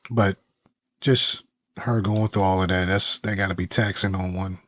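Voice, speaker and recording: A man's voice: deep voice, fairly even intonation, normal speed, fairly bright tone, dry recording. A man co-hosting a podcast, giving his thoughts in a hesitant, thoughtful way. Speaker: podcast co-host. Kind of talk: casual podcast chat.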